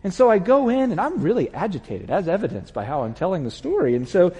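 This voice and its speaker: A husky-voiced man preaching from the pulpit, his voice lively and somewhat high for a man, swinging up and down as he tells a personal story. He slips in and out of the voices of people in it. The sound carries a long reverb from a large church hall. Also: quick pace. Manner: animated, acts out voices while telling a story. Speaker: pastor. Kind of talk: sermon with storytelling.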